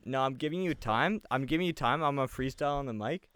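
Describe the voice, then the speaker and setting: A young man with a bright, sharp voice, a little drunk, rambling and joking in casual podcast chat. His words come out smooth and clear, and the sound is dry and close. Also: mid-range voice, quick pace, no room sound. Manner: rambling, joking, laughs often. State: tipsy. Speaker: podcast co-host.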